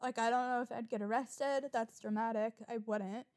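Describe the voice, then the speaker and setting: A young woman rambles through a solo podcast episode with a fairly high voice. She swears casually and gets easily riled up, her delivery animated and chatty. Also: normal speed. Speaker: podcast host.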